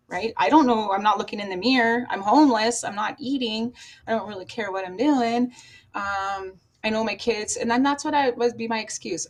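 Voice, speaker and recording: A woman, a podcast guest, telling her life story candidly, bluntly and with swearing, acting out old conversations. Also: medium pitch. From Canada. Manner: blunt and profane, acts out past dialogue, laughs at herself.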